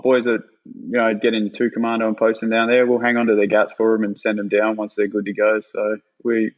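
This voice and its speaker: A man's voice: on the low side, completely flat delivery, a little fast, narrow, tinny audio. A man with an Australian accent chatting casually as a podcast guest, laid-back, swearing freely and saying "mate" a lot. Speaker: guest, former army sniper.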